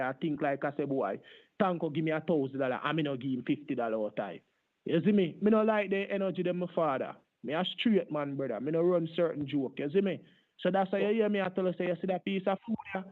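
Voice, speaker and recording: A man's voice: a little high, close to an everyday voice. A man playing a boastful Jamaican street hustler in thick put-on patois, rambling on with "brother" and "my father", heard over a tinny phone line. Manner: rambling, long-winded, repeats "my father" and "brother". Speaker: scambaiter.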